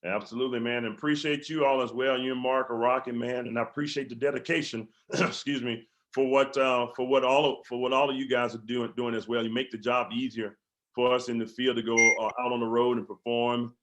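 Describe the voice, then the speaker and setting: A man's voice: medium pitch, flat delivery, fairly quick, a bit bright. Fervent man rallying a sales team. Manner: fervent, repetitive exhortation with stumbling restarts. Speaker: company field leader. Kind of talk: motivational company call speech.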